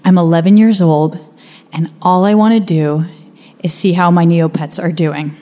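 A woman's voice: lowish voice, fairly even intonation, normal speed, mellow, slight background noise. A young adult woman from the United States telling a personal story in a conversational, vivid way. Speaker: speaker. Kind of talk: first-person storytelling talk.

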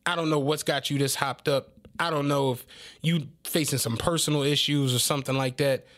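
A man voicing a stern older male homeowner who scolds in a slow, measured way, much lower than his own voice. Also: fairly even intonation, fairly bright tone, natural voice. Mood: scolding.

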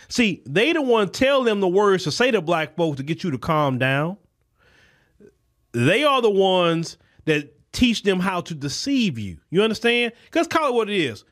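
Man, political commentary podcast, impassioned, high voice. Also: very animated, a little slow, a bit bright. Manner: impassioned, repetitive, preacher-like cadence. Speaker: podcast host. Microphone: podcast microphone.

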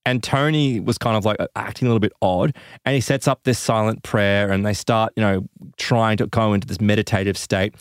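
A man casually telling a strange story to a co-host, animated and laughing as he acts out quoted voices. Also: on the low side, brisk, smooth, no echo, clean studio sound.

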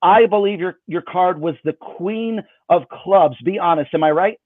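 A man whose voice sits high does magic over a video call at normal speed, his patter playful and self-deprecating. The recording is dry and narrowed to a phone-like band.

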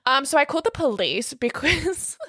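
A young woman, co-hosting a podcast and telling a story in a casual, animated way, swearing freely and saying "like" a lot. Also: high-pitched, normal speed, no room sound, studio quality. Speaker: podcast co-host.

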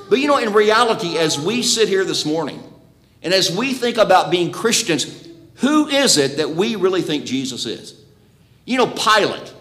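High-voiced preacher in an echoey church. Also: male voice, a bit bright. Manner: earnest, emphatic, rhetorical questions. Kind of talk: sermon. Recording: roomy echo.

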